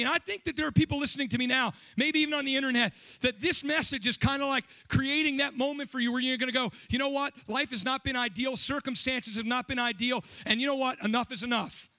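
High, bright-voiced male pastor preaching. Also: a little fast, hardly any pauses. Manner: animated, emphatic preaching with quoted stories. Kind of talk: sermon.

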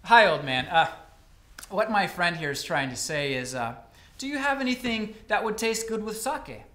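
A man's voice: high-pitched, sing-song, moderate pace, sharp tone, full character voice. A man playing a bossy, know-it-all traveler from Osaka who lectures his friend, told live on a college stage in a roomy hall. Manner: lecturing, sure of himself. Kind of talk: live comic storytelling. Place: college stage before an audience.

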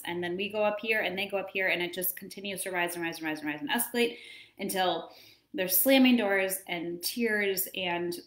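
A woman in her thirties talks through parenting advice in a relaxed, chatty way. Her pitch is mid-range, and she acts out little moments as she goes. The room around her gives the voice a clear echo. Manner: chatty, animated, acts out scenes. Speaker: wellness coach. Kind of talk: casual advice talk.

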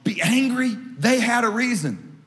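A man preaching a sermon as pastor, joking with the congregation and rising to shouts at key points. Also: a little slow, a little hiss or hum. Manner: humorous, animated preaching; rises to shouts at high points. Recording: long hall reverb.

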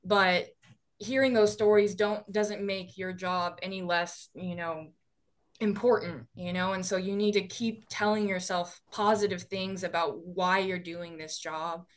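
A woman's voice: fairly low pitch, fairly even intonation, a little slow. A woman, an advocate sharing earnest reflections in a workshop, with lots of fillers. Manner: earnest, uses many fillers. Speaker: advocate and prevention coordinator. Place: conference workshop room.

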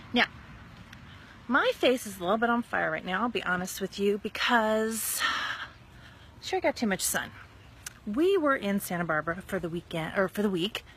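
A woman chatting casually on a live stream while walking outdoors in her neighborhood, telling animated stories and acting out conversations into a phone held at arm's length. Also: mid-range voice, slight background noise. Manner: animated chatty storyteller, acts out quotes. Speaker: network marketer.

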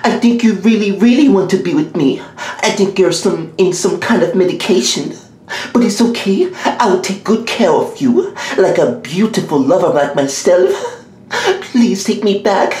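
A woman's voice: medium pitch, lively intonation, moderate pace, a little mellow, lightly acted. A woman voicing a jilted video game as a clingy female lover, pleading and melodramatic, in a comedy voiceover skit. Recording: very echoey room.

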